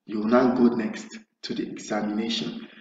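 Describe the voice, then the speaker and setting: A man's voice: lowish voice, flat delivery, normal speed, darkish tone, a little hiss or hum. Man tutoring from a distant, roomy mic. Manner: explanatory, acts out sample nurse-patient dialogue; repeats and restarts phrases. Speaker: OET speaking tutor. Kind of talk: spoken lesson. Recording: roomy, distant, dull sound.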